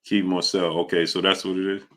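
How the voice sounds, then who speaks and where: A deep-voiced man, hosting a live sports show. His tone is bright and forceful. He rambles casually and greets chat viewers one by one. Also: level tone, fairly quick. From New York. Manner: rambling, greets chat viewers by name, many filler sounds.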